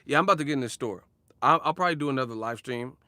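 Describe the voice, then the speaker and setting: Speaking rapid-fire at medium pitch with a sharp edge, this young boxing commentary vlogger swears and laughs through a slangy, casual rant. There's no echo on the audio.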